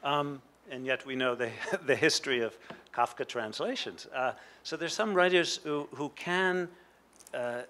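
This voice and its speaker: Man, academic panelist, middle pitch, discursive, explanatory. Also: measured pace, sharp tone. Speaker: panelist at a literary roundtable.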